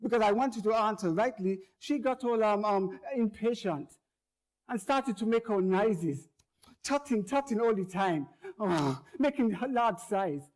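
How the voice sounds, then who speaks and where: Performing a monologue in the first person, a man tells his story earnestly, with repetition of words and phrases and rising volume as things get tense. He has a high, expressive voice and a measured pace.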